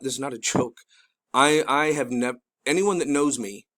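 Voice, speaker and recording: A middle-aged man giving casual commentary over a video, urgent and pleading, rambling with many restarts and excited bursts. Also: mid-range voice. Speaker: video host.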